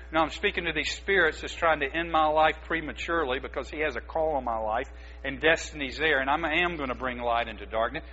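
A man's voice: a little high, a little fast, sharp tone. A man preaching a sermon as pastor, exhorting his listeners with emphatic, urgent delivery. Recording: dull lo-fi recording with mains hum.

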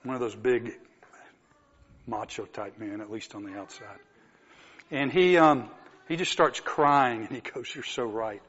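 A man preaching a sermon, telling a story and moving from soft asides to emphatic exclamations. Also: medium pitch, unhurried, long pauses, muffled recording.

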